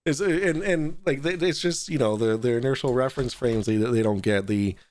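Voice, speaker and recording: A man hosting a casual online talk show, rambling and restarting sentences, quick to laugh. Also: medium pitch, darkish tone. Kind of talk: casual podcast chat.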